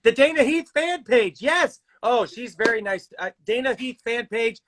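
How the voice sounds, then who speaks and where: A man's voice: extremely high pitch, lively intonation, normal speed, noisy background. A man hosting a casual live stream from his home on a phone, upbeat, reading viewer comments aloud and laughing often. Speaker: live stream host and actor.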